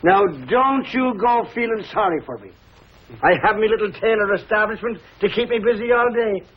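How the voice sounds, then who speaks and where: An actor playing a lonely, warm-hearted older Irish tailor, with a husky voice and a lilting Irish brogue. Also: male voice, high-pitched, a little fast. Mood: wistful, coaxing. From Ireland. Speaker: visiting cousin, a tailor. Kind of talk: 1950s TV sitcom acting. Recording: dull lo-fi 1950s TV audio.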